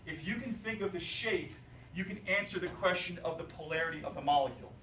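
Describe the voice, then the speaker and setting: A male chemistry teacher lecturing his class, animated and jokey, asking students questions. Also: high voice, fast, slight background noise. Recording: roomy, distant classroom recording.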